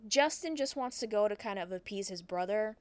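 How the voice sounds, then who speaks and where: A woman's voice: medium pitch, lively intonation, fairly quick. A woman co-hosting a podcast in casual chat, retelling a film's plot in a slangy, profane, rambling way with frequent self-corrections. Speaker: podcast co-host recapping a film.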